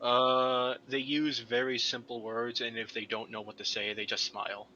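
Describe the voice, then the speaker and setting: A man's voice: mid-range voice, flat delivery, normal speed, pushed and bright, highs cut off, a little hiss or hum. A man playing a tabletop game, blunt and casually swearing. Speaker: player.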